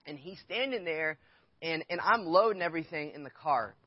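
Pastor preaching in a lo-fi recording, a man with a slightly high voice. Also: lively intonation, normal speed, breathy edge, no echo. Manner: candid, conversational storytelling, addressing the congregation with questions. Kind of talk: sermon. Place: church. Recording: dry, dull lo-fi sound.

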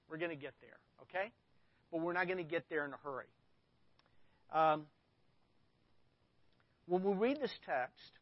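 A man's voice: on the high side, no echo, muffled recording. A man preaching a sermon as a pastor, talking casually and reading scripture aloud with rising emphasis. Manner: conversational, reads scripture with emphasis.

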